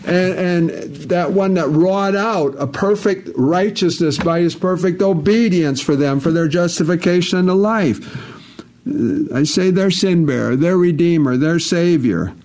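A man's voice: high voice, a little slow, a little mellow, slight background noise. A man preaching a sermon, emphatic and repetitive, quoting scripture at length.

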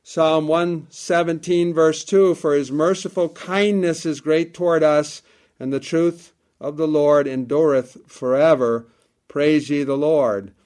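A man preaching a sermon in an earnest, deliberate way, building emphasis through lists of words. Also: fairly high pitch, steady tone, darkish tone.

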